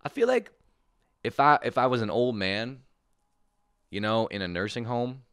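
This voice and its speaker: A man hosting a comedy podcast, telling a profane, animated solo rant with quick voiced impressions. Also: medium pitch, clean tone, no echo, studio quality.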